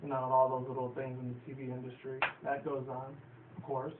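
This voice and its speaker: A man's voice: medium pitch, completely flat delivery, fairly quick. A man recapping a cartoon episode in a loose, rambling way, full of fillers and casual swearing. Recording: distant, roomy, phone-like, faint hiss.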